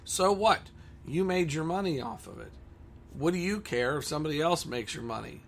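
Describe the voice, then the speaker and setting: A man's voice: on the high side, moderate pace, a little hiss or hum. A man who owns a comic store, talking bluntly and combatively in a ranting monologue.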